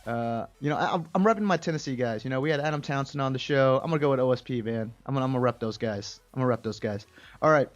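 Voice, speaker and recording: A man's voice: mid-range voice, rapid-fire. A young man co-hosting a podcast in casual chat, rambling and laughing often. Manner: laid-back, rambling, laughs often, many fillers. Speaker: podcast co-host. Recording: dull lo-fi sound.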